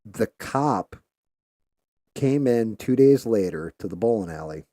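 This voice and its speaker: Low, mellow man telling stories casually. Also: unhurried, no echo. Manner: loose, profane, anecdotal with filler words; animated when quoting others. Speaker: live stream host. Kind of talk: casual storytelling while painting.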